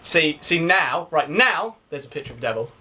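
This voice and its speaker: A man's voice: fairly high pitch, big pitch swings, normal speed, pushed and bright, a little hiss or hum. A young man, co-hosting a podcast, chatty and playfully insulting his friend. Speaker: podcast co-host. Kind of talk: casual banter.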